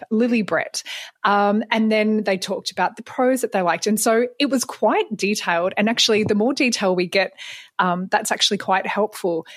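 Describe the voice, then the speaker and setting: A woman talks casually as an interview guest, chatty and quick to laugh, with frequent ums. Her voice sits mid-range and is recorded dry and close. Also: mid-range voice, no echo. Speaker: librarian and podcast co-host, guest.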